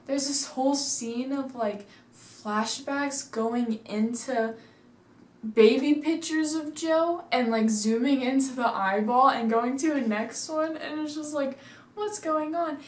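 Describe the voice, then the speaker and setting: A woman's voice: sits high, takes it slowly. A woman casually reviewing a movie, rambling through the story with lots of "like," sitting at home. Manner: chatty, rambling retelling full of "like". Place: indoors at home, seated. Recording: echoey room.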